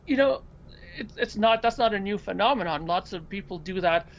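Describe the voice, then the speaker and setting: High-voiced man hosting a chatty podcast. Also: fairly quick, vocal fry, highs cut off, slight background noise. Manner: animated storyteller who acts out quoted people. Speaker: podcast host. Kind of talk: casual chat.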